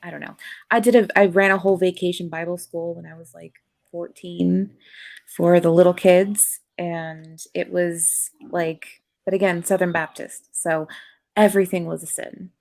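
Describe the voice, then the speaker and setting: Creaky-voiced woman chatting candidly. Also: lowish voice, fairly even intonation, moderate pace, darkish tone. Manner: candid, rambling, many fillers. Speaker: podcast panelist. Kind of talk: casual chat.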